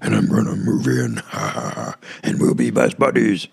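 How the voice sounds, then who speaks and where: A man voicing a creepy, obsessive stalker in a hushed, whispery voice as a whispered role-play. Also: a bass voice, huge pitch swings, a little slow, vocal fry, breathy edge, pitched below the performer's own voice, exaggerated voice.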